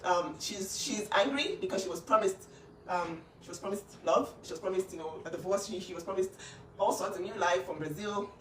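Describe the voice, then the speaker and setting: A woman's voice: mid-range voice, fairly quick, reverberant, recorded from a distance, noisy background. A woman speaking up for her younger sister in an emphatic, insistent casual talk. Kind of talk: emotional casual talk to camera.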